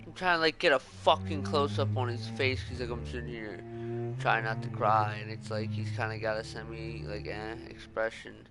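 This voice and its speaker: A man's voice: fairly low pitch, steady tone, moderate pace, music in the background. A man streaming a video game, reacting in rambling, profane commentary full of "like". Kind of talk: casual gameplay commentary.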